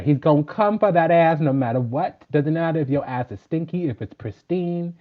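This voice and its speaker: A man's voice: on the high side, animated, moderate pace. A man who works as a spiritual teacher gives a casual sermon, emphatic and profane, preaching in rhythmic lists. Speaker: spiritual teacher and tarot reader. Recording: dull lo-fi recording.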